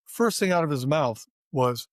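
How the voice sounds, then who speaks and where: A man's voice: on the high side, animated, a little slow, dry recording, clean studio sound. An older man, a former theme park designer, telling his career story in an interview and acting out the dialogue as he goes. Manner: vivid storyteller, acts out quoted dialogue.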